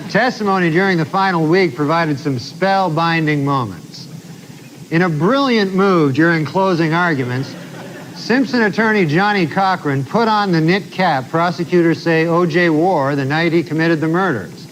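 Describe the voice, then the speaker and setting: A male comedian telling stand-up bits and mock news jokes in a deadpan, drawling way with wry asides. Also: on the high side, normal speed. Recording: old TV audio with audience laughter and hiss.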